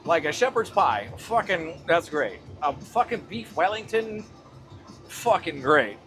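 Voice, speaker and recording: Casual male trucker streamer, a bit high and very lively, chatting from the cab over music. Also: unhurried. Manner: loose, swears casually, talks to chat. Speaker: trucker livestream host. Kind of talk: casual livestream chat.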